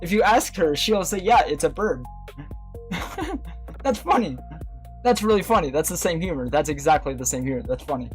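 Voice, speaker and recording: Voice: medium pitch, animated, fairly quick, soft background music. A livestream host chatting casually with viewers, rambling with many fillers and restarts and laughing often. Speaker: livestream host talking to chat. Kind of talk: casual chat.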